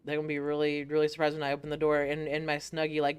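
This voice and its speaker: A woman's voice: deep voice, completely flat delivery, rapid-fire, clean tone, dry recording, soft background music. A woman streamer from the United States in casual chat, laid-back and swearing freely, acting out quoted lines.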